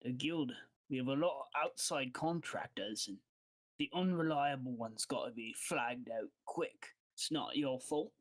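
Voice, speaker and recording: A shrewd, street-wise guild boss in a tabletop game speaks bluntly in a put-on accent, as a man voices him. His voice sits at an ordinary middle pitch. He drops his tone as if sharing a secret. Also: a little slow, close to an everyday voice. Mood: confiding.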